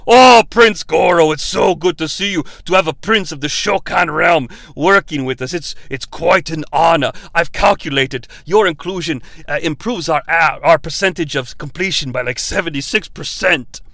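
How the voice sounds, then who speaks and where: A man's voice: fairly high pitch, moderate pace, gravelly, hardly any pauses, sharp tone, dry recording. A man doing a fawning scheming sorcerer. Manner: fawning, hesitant.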